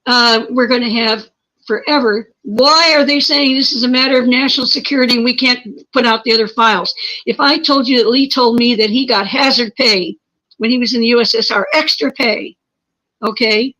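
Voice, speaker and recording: A woman's voice: fairly high pitch, steady tone, normal speed, sharp tone. A woman being interviewed who tells her story emphatically, pressing her points with repeated words and rhetorical questions. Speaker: interview guest. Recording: muffled lo-fi stream audio.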